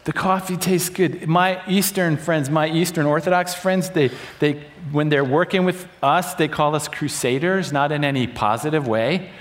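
A man preaching a sermon in a lively, conversational way, often acting out voices in quotes. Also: fairly high pitch, normal speed, hardly any pauses, long reverb tail. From United States.

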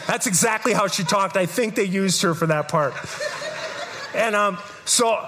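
A middle-aged man preaching from the pulpit in a notably high voice. He tells stories earnestly, stumbling and restarting his sentences as he goes. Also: fairly quick, sharp tone, slight background noise. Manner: earnest storytelling with frequent restarts and repeated words. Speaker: pastor. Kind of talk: sermon.

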